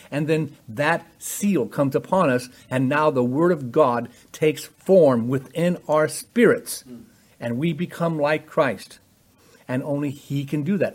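Husky-voiced man preaching emphatically. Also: fairly high pitch. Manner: emphatic preaching, rising loud on key points. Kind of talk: sermon.

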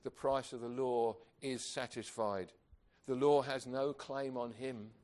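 A man's voice: mid-range voice, steady tone, a little slow, a little mellow. A man preaching a sermon, earnest and emphatic, asking rhetorical questions of his congregation.

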